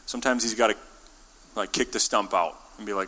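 Brisk and steady, a man with a lowish voice preaches in a relaxed, joking style, acting out what people in his story said. The tone stays bright and forceful, and long reverb hangs after his words as in a large church.

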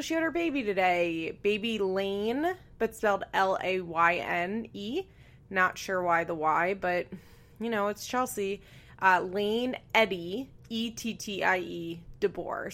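A woman's voice: mid-range voice, fairly bright tone. A young woman hosting a casual solo podcast from a bedroom at home, chatty and sarcastic, swearing freely and laughing between remarks. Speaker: podcast host. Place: bedroom at home with a fan running.

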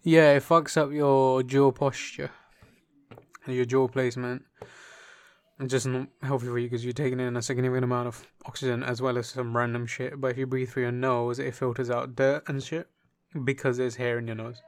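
A man's voice: medium pitch, flat delivery, moderate pace, clear, resonant tone, no echo. A young man with a casual, blunt and sweary way of talking, who laughs often, co-hosting a podcast. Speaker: podcast co-host. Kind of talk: casual chat.

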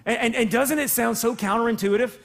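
A man's voice: very high-pitched, fairly quick, vocal fry. A man pastor preaching a sermon in a conversational, self-deprecating way, acting out little dialogues and laughing at himself. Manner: acts out voices of people and God in dialogue.

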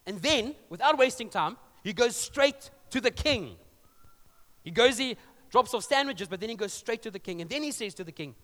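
A man's voice: high voice, expressive, normal speed, a bit bright. A male pastor preaching a sermon, telling a story conversationally with joking asides. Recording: long reverb of a large hall.

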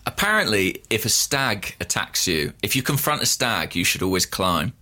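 A man co-hosting a podcast, chatting casually and telling stories with dry deadpan humor. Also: on the low side, moderate pace. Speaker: podcast co-host. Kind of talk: casual chat.

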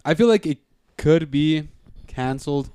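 A man's voice: fairly high pitch, lively intonation, measured pace, dark tone, smooth, no echo. A man in casual podcast chat about TV shows, thoughtful and hesitant, summing up what the other speaker says.

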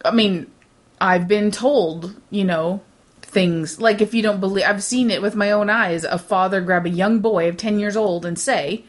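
A woman's voice: mid-range voice, measured pace. Rambling woman, casual chat. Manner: rambling, animated, many restarts. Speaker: podcast co-host.

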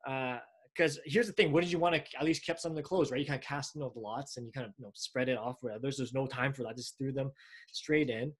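A man preaching a sermon in a conversational way, often pausing and restarting. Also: mid-range voice, steady tone, slightly rough. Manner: conversational, with frequent fillers and restarts.

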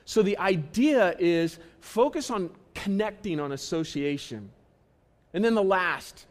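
A man preaching a sermon to his church, earnest and repetitive, swinging between emphatic and hushed delivery. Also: high-pitched, expressive, normal speed. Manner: earnest, repetitive, stresses key phrases, shifts between loud and hushed. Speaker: pastor. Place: church auditorium.

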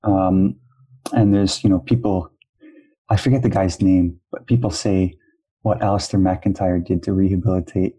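Deep, husky-voiced thoughtful man. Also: fairly even intonation, normal speed, dark tone, rough recording. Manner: thoughtful, hedging with fillers. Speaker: conversation partner. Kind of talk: casual chat.

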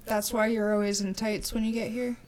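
A woman's voice: mid-range voice, level tone, brisk, darkish tone. Mock-dramatic woman joking on a podcast. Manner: playful, mock-dramatic complaints. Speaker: podcast regular. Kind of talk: casual podcast banter. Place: heated garage studio.

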